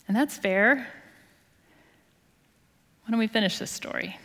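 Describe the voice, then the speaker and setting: A woman's voice: a little high, measured pace, pauses often. Earnest woman pastor in echoing hall. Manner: earnest, expressive storytelling with soft hushed moments. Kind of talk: sermon. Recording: long hall reverb.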